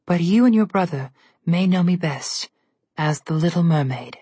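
A woman voicing a gentle, ancient female seafoam spirit in a storybook reading, speaking slowly in an airy, soothing, motherly voice. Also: fairly low pitch, animated, breathy edge, no room sound.

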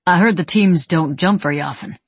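A woman's voice: fairly low pitch, fairly quick, breathy edge, no echo. Woman reading as a joking male trainee. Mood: easygoing. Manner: easygoing, joking. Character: wry male military trainee, friendly and teasing.

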